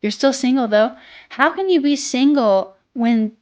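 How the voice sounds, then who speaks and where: Young woman, soft childlike voice, a bit under the weather, casual streamer banter. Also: high voice, unhurried, dull audio. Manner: reads chat aloud, swears casually, sings snatches. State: a little sick. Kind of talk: casual chat with live chat.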